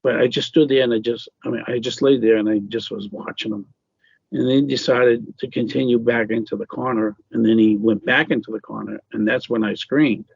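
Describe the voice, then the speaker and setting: A man being interviewed as an author, telling a personal ghost story in a halting way with many fillers and restarts. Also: mid-range voice, vocal fry, darkish tone, husky, no room sound, dull audio.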